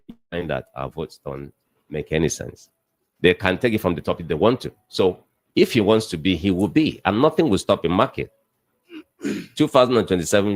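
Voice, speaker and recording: A man's voice: sits low, no room sound. A man speaking as a panelist on a political talk show, emphatic and repeating his points for effect.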